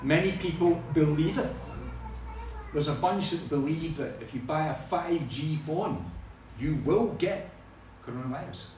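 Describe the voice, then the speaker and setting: A man's voice: on the high side, unhurried, a little hiss or hum. A man preaching a sermon, telling stories with humor. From Scotland. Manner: lively storytelling with humor. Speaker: pastor. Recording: echoey hall from far off.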